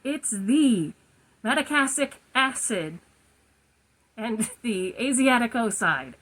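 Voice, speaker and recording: A woman in her forties giving a casual, chatty skincare review at home, goofy and quick to laugh at her own slips. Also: a little high, expressive, a bit bright, breathy edge, poor audio. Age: 40s. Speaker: skincare vlogger. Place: her room at home, indoors.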